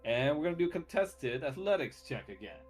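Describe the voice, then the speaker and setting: A man running a tabletop roleplaying game as game master. He narrates in a relaxed way with filler words and laughs often. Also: a little high, fairly quick, over music.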